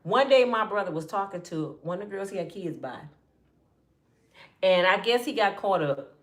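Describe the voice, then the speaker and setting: A woman telling a personal story in casual slang, often addressing listeners as y'all and acting out what people said, dropping to a hush or rising with feeling. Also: medium pitch, moderate pace. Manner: animated, acts out quotes with hushed and raised voices. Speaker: storyteller speaking to her audience.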